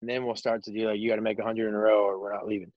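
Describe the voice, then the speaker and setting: A man co-hosting a casual sports chat, ranting in an animated, profane way. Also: fairly low pitch, racing, no room sound, lo-fi sound. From Texas. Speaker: podcast co-host.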